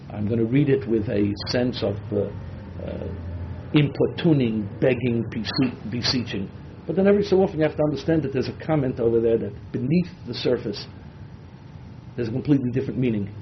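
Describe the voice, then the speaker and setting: A man's voice: mid-range voice, noisy background. A man teaching a Bible class who mixes Hebrew and Yiddish words into his English and dramatizes the text with feeling. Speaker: Torah teacher. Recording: dull lo-fi lecture recording.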